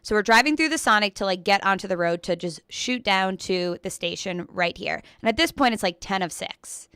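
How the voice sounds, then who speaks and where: A young woman co-hosting a radio show, telling a ranting story in a casual, animated way full of "like", often laughing. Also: medium pitch, fairly quick, clear, resonant tone, dry recording, studio quality. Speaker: radio co-host.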